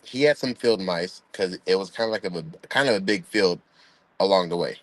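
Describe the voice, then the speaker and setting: A man's voice: low-pitched, moderate pace, dry recording. A young man telling a funny family story in a laid-back, rambling way, with chuckles. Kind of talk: casual storytelling.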